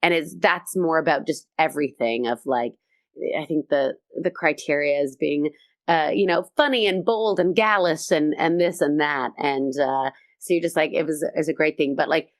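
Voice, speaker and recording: A Canadian woman comedian in a casual interview, telling stories with energy and quick restarts. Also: low-pitched, no echo, clean studio sound. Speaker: comedian guest.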